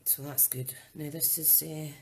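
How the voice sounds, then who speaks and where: Low-voiced chatty woman crafting. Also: fairly even intonation, a little slow, gravelly. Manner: chatty, thinking aloud as she works. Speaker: craft demonstrator. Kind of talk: casual live-streamed craft demo.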